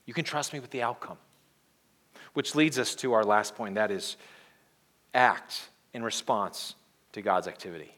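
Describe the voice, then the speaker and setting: In a lowish voice, a male pastor preaches sincerely at a moderate pace, pausing often. He moves from hushed to emphatic and invites the congregation's responses in call-and-response.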